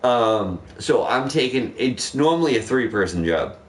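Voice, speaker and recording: A young man in casual chat, telling a profane, animated story about a rude customer. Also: medium pitch, measured pace, far from the mic.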